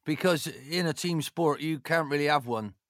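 A man's voice: on the high side, moderate pace, fairly bright tone, no room sound, studio quality. A man, a former football manager, chatting in an interview, rambling and jokey with lots of "you know"s. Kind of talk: casual storytelling chat.

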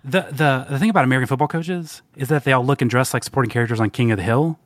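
Fast-talking sarcastic male co-host. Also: mid-range voice, dry recording. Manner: dry, sarcastic, quick-talking. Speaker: podcast co-host. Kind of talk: casual chat.

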